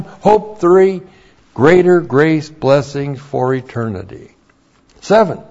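Slow, emphatic male Bible teacher. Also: fairly high pitch, darkish tone. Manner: slow, emphatic, repeats key points. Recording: dull lo-fi recording.

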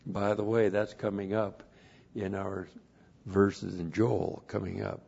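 A man preaching an expository sermon, emphatic, rising loud on key phrases and slowing down to stress single words. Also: lowish voice, level tone, vocal fry, slightly rough, lo-fi sound. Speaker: pastor.

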